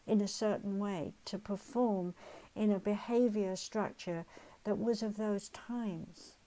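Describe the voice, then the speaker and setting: Older woman host, mellow tone, storyteller who mimics people she quotes. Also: mid-range voice, poor audio. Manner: storytelling, acts out quoted voices. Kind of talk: holistic wellness talk.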